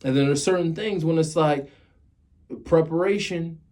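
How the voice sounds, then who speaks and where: A man's voice: fairly high pitch, normal speed, a little mellow. Earnest man in his thirties giving pep talk. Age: 30s. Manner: earnest and repetitive, drives points home by repeating phrases. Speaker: motivational vlogger. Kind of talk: casual motivational talk to camera.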